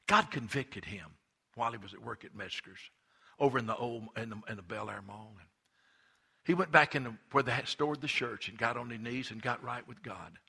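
A middle-aged man preaching a sermon, telling stories and swinging between hushed asides and impassioned emphasis. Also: mid-range voice, a little fast, vocal fry, husky. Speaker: pastor.

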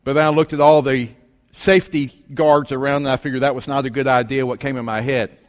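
A man preaching, telling a story in an animated way and acting out the voices of the people in it. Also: medium pitch, a little fast. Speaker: pastor. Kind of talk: sermon storytelling. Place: church sanctuary. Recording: long reverb of a large hall.

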